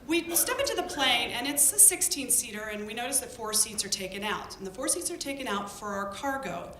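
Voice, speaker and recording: A woman telling a lively story about her field work to an audience. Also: brisk. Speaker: public health worker telling a story. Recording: echoey room with faint rumble.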